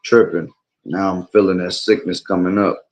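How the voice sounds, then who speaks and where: A man's voice: low voice, flat delivery, normal speed, a little mellow. A man preaching about prophecy and reading scripture aloud, rambling and checking in with "all right?" while he is losing his voice. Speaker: bible teacher streamer.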